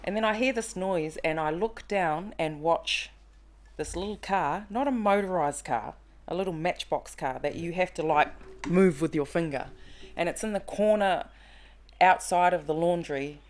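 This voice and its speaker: A woman in her thirties chatting on a podcast, telling a personal story in an animated way and acting out the quotes. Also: fairly low pitch, moderate pace. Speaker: podcast guest. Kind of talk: casual conversation, storytelling.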